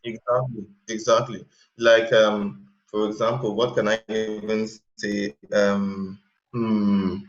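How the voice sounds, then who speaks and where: A man speaking as an interview guest in casual chat, pausing to search for examples mid-sentence. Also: lowish voice, little pitch movement. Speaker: interview guest, language learner. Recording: echoey, dull sound.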